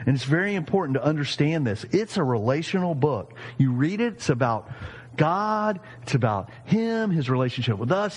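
A man in his fifties preaching a sermon, animated and jokey, acting out quoted voices. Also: a little high, husky, in a large hall. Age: 50s. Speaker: pastor.

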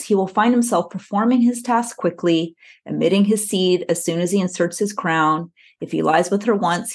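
Woman co-host, lowish voice, casual podcast reader who giggles through passages. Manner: reads aloud while breaking into giggles. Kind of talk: casual podcast chat, reading historical text aloud.

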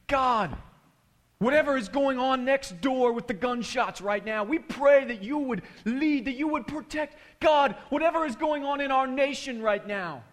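A man voicing a fervent pastor who prays loudly in halting English. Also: high-pitched, huge pitch swings, breathy edge, heavily acted. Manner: loud, drawn-out, repetitive prayer in broken English. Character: fervent Haitian male pastor, loud halting prayer.

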